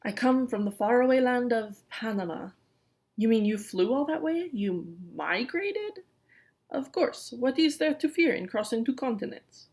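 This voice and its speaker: A woman's voice: on the high side, lively intonation, measured pace, a little mellow, pitched above the performer's own voice. A woman reading aloud and voicing a grand, hammy male raven who boasts theatrically about himself. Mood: grandly boastful. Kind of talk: reading a children's novel aloud.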